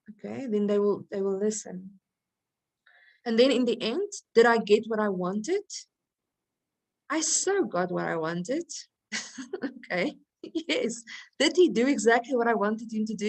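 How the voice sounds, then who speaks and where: A middle-aged woman teaching a recorded lesson for Christian women, chatty and often laughing, asking rhetorical questions and checking in with her listeners. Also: fairly high pitch.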